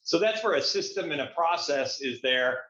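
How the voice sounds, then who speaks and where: A man with a somewhat high, expressive, slightly bright voice speaks at a moderate pace. He's a guest business coach in a casual interview, sounding upbeat and motivational and restarting phrases. The recording is echoey, dull and lo-fi.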